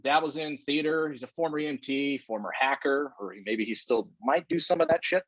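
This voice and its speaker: A man's voice: mid-range voice, a little fast, few pauses, a bit bright, no echo. Podcast co-host guy, jokey and a bit profane, dull lo-fi dry mic. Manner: joking, profane, hyped announcer flourishes. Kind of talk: casual chat.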